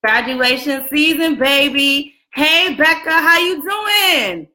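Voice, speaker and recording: A woman in her twenties hosting a casual live video chat from a room at home, chatty and lively, greeting viewers by name and laughing often. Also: high-pitched, takes it slowly. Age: 20s. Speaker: livestream host. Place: room at home with a roommate next door. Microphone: camera and phone set up for a live stream.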